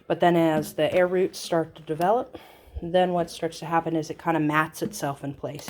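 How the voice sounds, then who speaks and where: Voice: mid-range voice, a little hiss or hum. A small-farm owner chatting casually through a how-to demonstration, explaining as they go with plenty of ums and uhs.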